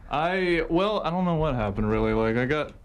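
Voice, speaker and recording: A man's voice: a little high, lively intonation, fairly quick. Rambling young man from Alabama. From Alabama, USA. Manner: hesitant, rambling, full of fillers. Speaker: guest, animation student. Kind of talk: casual radio chat.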